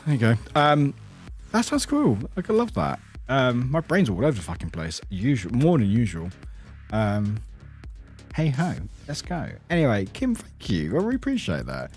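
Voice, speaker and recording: A man's voice: mid-range voice, huge pitch swings, normal speed, darkish tone, soft background music. A man streaming a game and chatting casually with viewers, rambling, laughing often and swearing casually.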